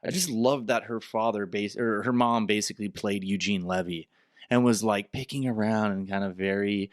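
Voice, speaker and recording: A man's voice: fairly low pitch, steady tone, moderate pace, dry recording, clean studio sound. A man co-hosting a podcast, chatting casually with wry joking asides. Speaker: podcast co-host.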